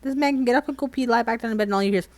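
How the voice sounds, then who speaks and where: A woman in her thirties chatting casually on a livestream while doing nails, rambling through animated everyday stories. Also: fairly high pitch, racing, no echo, low-quality recording. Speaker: streamer.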